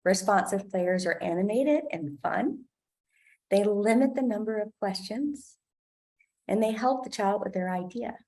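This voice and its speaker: A woman giving an instructional talk to parents about play, explaining clearly and acting out what parents say. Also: medium pitch, lively intonation, a little slow, mellow. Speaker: parent trainer. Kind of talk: instructional presentation.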